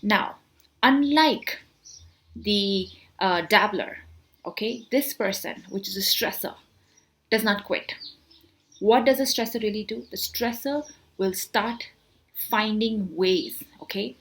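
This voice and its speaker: A woman speaking straight to camera in a relaxed, talky way, coaching her viewers. She keeps throwing out rhetorical questions and answers them herself. She restarts her phrases and fills the gaps with "uh" and "you know" as she sketches ideas with her hands. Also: mid-range voice, takes it slowly, long pauses. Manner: explains with hand gestures, repeats words, many fillers. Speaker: motivational speaker. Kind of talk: casual talk to camera.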